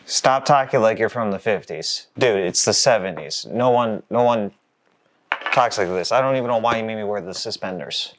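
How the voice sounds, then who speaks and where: A man's voice: fairly low pitch, normal speed, slight background noise, lightly acted. A man playing an eager young male engineer talking to his boss in a comedy skit. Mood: exasperated.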